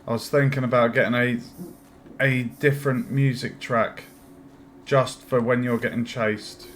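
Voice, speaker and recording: A man streaming his game development work, thinking aloud with many pauses and fillers, and chatting with viewers. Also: medium pitch, little pitch movement, a bit bright, slight background noise. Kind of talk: casual live-stream commentary while working. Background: faint music and keyboard typing.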